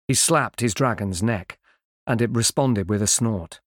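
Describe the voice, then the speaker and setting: A man narrating a fantasy audiobook in a measured, clearly enunciated way, recorded on a close studio mic. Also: on the low side, no echo.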